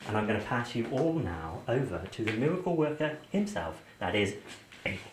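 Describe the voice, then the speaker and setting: A man's voice: medium pitch, sing-song, fairly quick. A man performing as a magician, joking cheekily with a volunteer during a live show at an indoor venue. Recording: echoey room with faint hiss.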